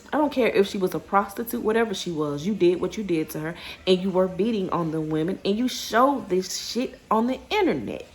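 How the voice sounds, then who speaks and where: A woman vlogging in a rambling, casual way, stopping and restarting her sentences and getting heated when she rants. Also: mid-range voice. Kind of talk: casual vlog chat. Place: outdoors then home.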